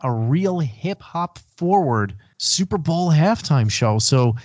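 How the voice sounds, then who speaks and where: A man's voice: on the high side, expressive, takes it slowly, darkish tone, dry recording, studio quality. A man co-hosting a music podcast, arguing his picks firmly in casual debate. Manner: firm, argumentative, builds a case. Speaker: podcast co-host. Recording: remote call, own mic.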